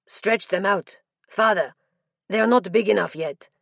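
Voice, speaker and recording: A woman's voice: mid-range voice, a little slow, vocal fry, a bit bright, dry recording. A woman voicing a winged male warrior in an audiobook, giving terse, commanding orders. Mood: urgent, commanding. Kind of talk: audiobook character dialogue.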